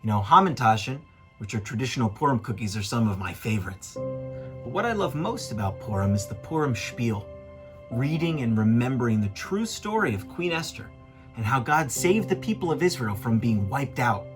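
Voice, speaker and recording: A man's voice: mid-range voice, very animated, normal speed, music in the background. A man giving a friendly, enthusiastic talk to children as a guest teacher.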